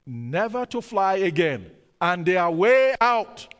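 Emphatic preacher with a higher voice. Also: male voice, big pitch swings, takes it slowly, a bit bright, big-room sound. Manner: emphatic, repeats key words, hesitant fillers. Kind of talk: sermon storytelling.

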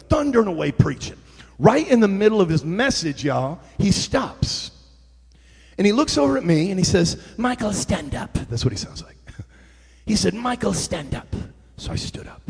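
Gravelly preacher man, echoey hall. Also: sits high. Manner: animated, swings from hushed to shouting. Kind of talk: sermon storytelling.

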